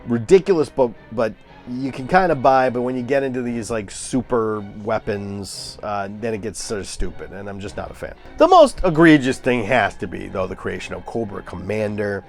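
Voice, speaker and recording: A man's voice: fairly low pitch, normal speed, faint music behind. A man giving a casual, opinionated movie review, ranting and scoffing with lots of fillers and restarts.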